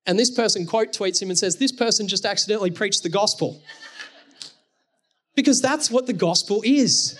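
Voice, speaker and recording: A man's voice: high voice, normal speed, fairly bright tone. A man preaching a sermon, earnest and explaining his points through everyday stories and scripture.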